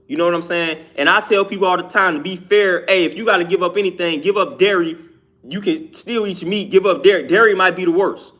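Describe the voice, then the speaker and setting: Slangy, repetitive and emphatic, a young vegan health talker chats casually about diet in a monologue. His voice sits high and sounds a bit bright.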